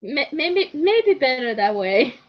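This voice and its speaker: A woman's voice: high-pitched, sing-song, slow. A woman co-streaming in casual chat, teasing and often stammering over her words. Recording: dull lo-fi stream audio.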